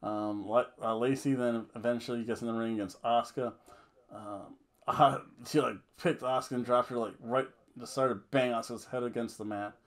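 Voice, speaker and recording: A man's voice: mid-range voice, steady tone, moderate pace. A man giving a casual, rambling, jokey wrestling review full of fillers and restarts.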